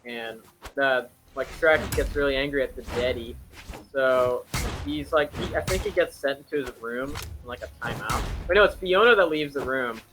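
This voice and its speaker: A man's voice: mid-range voice, moderate pace, background noise. A young man casually retelling a film plot, rambling and joking, with lots of fillers and self-corrections. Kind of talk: casual chat.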